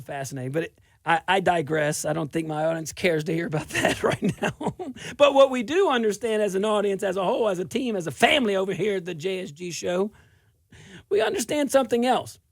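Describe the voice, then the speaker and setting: A middle-aged man from South Louisiana hosting a political talk show, delivering a sarcastic, animated monologue with frequent laughs. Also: high voice, a little fast, gravelly, no room sound, clean studio sound.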